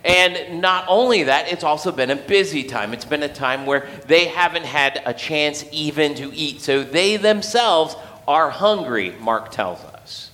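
A man's voice: fairly high pitch, animated, unhurried, bright, forceful tone, in a large hall. A man giving a casual sermon, telling the story conversationally with playful acted quotes. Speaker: pastor.

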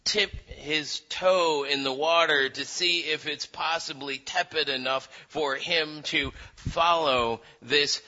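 Brief: male preacher, sermon with storytelling, repeats words, very bright tone. Lo-fi. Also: a little high, slow pace, few pauses. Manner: animated storytelling with voiced quotes, frequent restarts.

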